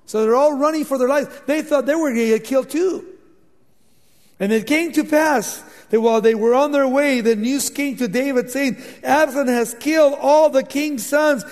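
A man preaching through a scripture passage, retelling it in his own words, acting out the quotes and dropping to a hushed, intense voice for emphasis. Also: very high voice. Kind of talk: expository sermon, paraphrasing scripture. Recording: long hall reverb.

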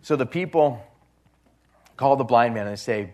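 A man preaching a sermon, retelling a Gospel story with dramatic swings in loudness and voicing the people in it. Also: medium pitch, animated, moderate pace.

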